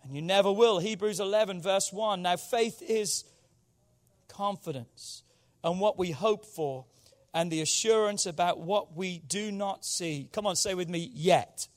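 High-voiced man preaching with fervor. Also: measured pace. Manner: preacherly call-and-response, swinging between loud exhortation and quiet intensity. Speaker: pastor. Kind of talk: sermon.

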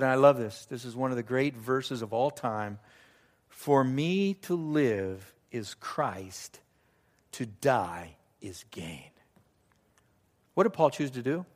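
An older man delivers a sermon in a fairly high voice, telling stories with animated swings between quiet asides and louder bursts. He preaches like a grandfather sharing lessons with his congregation. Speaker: pastor.

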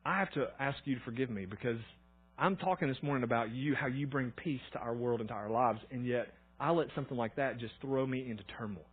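A man's voice: mid-range voice, fairly quick, husky. A man preaching a sermon in a church, telling stories in a chatty way and acting out his own thoughts. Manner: chatty storytelling with fillers and quoted inner thoughts. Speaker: pastor. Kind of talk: conversational sermon. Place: church auditorium. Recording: thin phone-like sound.

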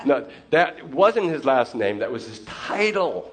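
A man's voice: mid-range voice, big pitch swings, unhurried. A man, a pastor, teaching a congregation in a conversational sermon, often putting questions to his listeners. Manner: conversational, asks the audience questions.

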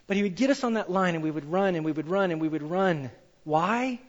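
Male preacher with a high voice, lively storytelling sermon, dull recording in a reverberant hall. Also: fast talker. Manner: animated storytelling, acts out quoted voices. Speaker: pastor.

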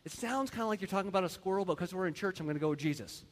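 A man's voice: high-pitched, rapid-fire, close to an everyday voice. Man voicing a clever young Sunday school boy, matter-of-fact, told in a sermon, church echo. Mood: deadpan.

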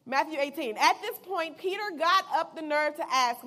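High-voiced woman preaching casually. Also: normal speed, hardly any pauses, sharp tone. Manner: playful, retells scripture in slang. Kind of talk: casual sermon with Bible reading.

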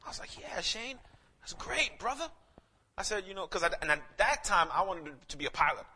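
Pastor from Saint Lucia, high ringing voice, preaches hard then tells stories soft. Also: male voice, rapid-fire, slight background noise. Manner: impassioned preaching that swells to near-shouts, then drops soft for storytelling. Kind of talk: sermon with personal storytelling.

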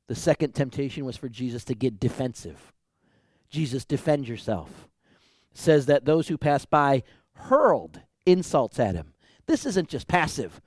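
Animated male preacher, dry sound. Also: mid-range voice, unhurried, no room sound. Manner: animated, conversational with the congregation. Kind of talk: sermon.

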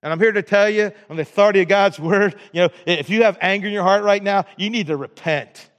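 A man's voice: sits high, quick pace, in a large hall, muffled recording. A pastor delivering an emphatic sermon in a church, repeating words and restarting his sentences. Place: church sanctuary.

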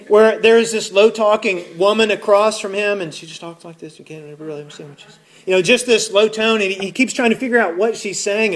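A man's voice: sits high, a bit bright. A man preaching a sermon as pastor, talking in a conversational way and often repeating words as he goes. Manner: acts out listeners' voices in his retelling.

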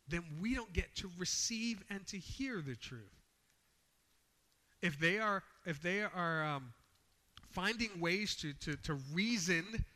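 A man's voice: a little high, pushed and bright, big-room sound. A man preaching a sermon, reading scripture aloud with rising emphasis and explaining it in a plain, conversational way.

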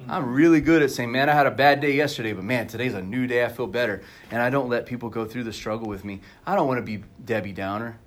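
A man's voice: medium pitch, quick pace, few pauses. A man preaching a sermon as pastor at a church service, talking candidly and conversationally to the congregation.

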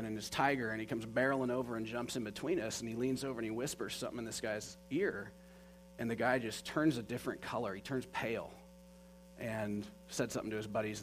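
A man's voice: medium pitch, steady tone, a little fast, faint music behind, poor audio. A man telling a personal story in an earnest, conversational way, with many fillers. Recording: faint mains hum.

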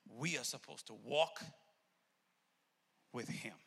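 A man preaching a sermon in a church, swinging between loud shouted peaks and low intimate asides, with a gravelly voice. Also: takes it slowly. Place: church sanctuary. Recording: long reverb of a church hall.

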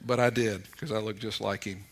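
A middle-aged man preaching a conversational sermon, mixing folksy stories and gentle humor into his points. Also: on the low side, fairly even intonation, a little fast, slight background noise. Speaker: pastor.

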